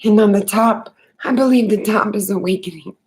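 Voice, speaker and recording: A woman talking unscripted about her spiritual awakening, earnest and halting, with many fillers and restarts. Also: mid-range voice. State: tearful. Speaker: spiritual vlogger.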